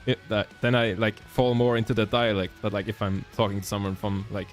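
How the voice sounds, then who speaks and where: A man's voice: fairly low pitch, little pitch movement, a little fast. Young man, German accent, casual streamer chat, rambling, lots of "like", faint background music. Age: young adult. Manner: rambling, self-correcting, many "like"s.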